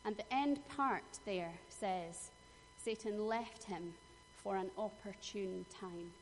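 Middle-aged female preacher, earnest storyteller with emphatic moments; reverberant hall. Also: mid-range voice. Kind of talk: sermon. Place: church hall. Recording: long hall reverb, faint noise.

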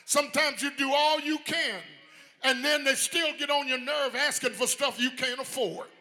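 High, bright-voiced whooping preacher man. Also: moderate pace. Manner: whooping, sing-song preaching with shouted climaxes; calls out to the congregation. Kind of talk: sermon.

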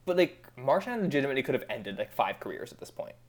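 A man's voice: medium pitch, very animated, fast. A man in casual podcast chat, ranting sarcastically as a fan with lots of filler words.

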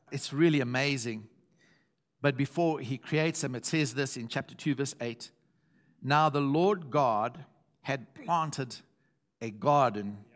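A man's voice: mid-range voice, a bit bright. A man preaching a sermon to his congregation, reading scripture aloud and joking along the way. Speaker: pastor.

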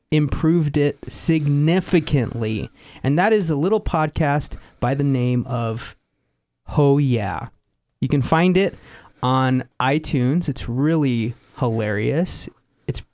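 A man's voice: fairly high pitch, darkish tone, no echo. Easygoing young man with a dry sound. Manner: rambling, easygoing, frequent fillers. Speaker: podcast host. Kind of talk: casual chat.

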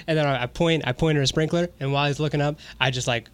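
A man's voice: a little high, fairly even intonation, fast talker, hardly any pauses, clear, resonant tone, no echo. A man playing a tabletop game, joking and self-mocking as he describes his moves. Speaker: player. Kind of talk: casual tabletop play.

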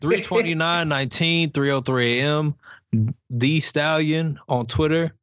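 A man's voice: on the high side, measured pace, fairly bright tone, no echo, lo-fi sound. A young man co-hosting a podcast, eagerly interrupting and pushing his points in casual chat. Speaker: podcast co-host.

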